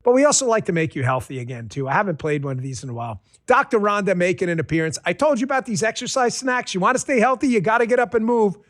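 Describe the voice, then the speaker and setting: A man with a high voice hosts a political commentary podcast from a studio mic. His delivery is sarcastic and excitable, a rant that keeps tipping into laughter. The sound is dry and close, with no room in it. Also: quick pace, few pauses, no room sound. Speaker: podcast host.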